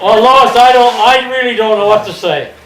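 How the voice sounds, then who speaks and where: A man's voice: extremely high pitch, normal speed. Older man, moved, short of words, echoey room, crowd behind. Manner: touched and at a loss for words. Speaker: elderly birthday honoree. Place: indoor family party.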